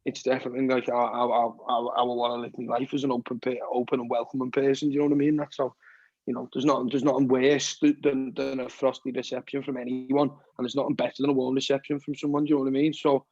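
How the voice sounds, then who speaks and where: A man's voice: medium pitch, little pitch movement, fast talker, a little mellow, dry recording. Scouse musician in his twenties, podcast guest, loose rambling chat, swears freely, dull lo-fi sound. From Liverpool, England. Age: 20s. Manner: rambling, keeps saying "you know what I mean", swears often. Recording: dull, dry lo-fi podcast audio.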